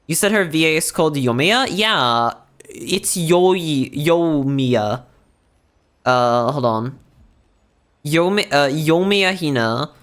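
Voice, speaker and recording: A man's voice: fairly high pitch, expressive, slow pace, fairly bright tone. A young man chatting casually while streaming a game, rambling with lots of fillers and restarts. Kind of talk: casual chat while gaming.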